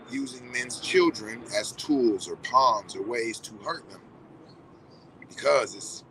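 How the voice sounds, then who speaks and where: A man's voice: mid-range voice, sharp tone, slight background noise, rough recording. A man in a reflective casual monologue, speaking directly to his viewers in a conversational, profane way. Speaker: vlogger.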